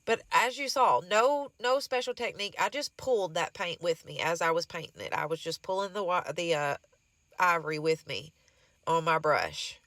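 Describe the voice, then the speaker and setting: A woman's voice: fairly low pitch, animated, normal speed, a bit bright, dry recording. A woman with a Southern US accent and a stuffy nose from hay fever, chatting casually as she walks through a craft project. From Southern United States. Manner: chatty, rambling, says y'all and honey. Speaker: DIY crafts vlogger. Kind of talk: casual how-to narration.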